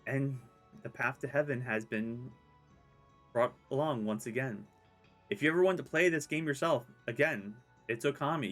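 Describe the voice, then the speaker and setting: A man's voice: mid-range voice, a bit bright. A man hosting a casual gameplay video, chatting loosely as he plays. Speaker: gaming channel host. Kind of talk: casual Let's Play commentary.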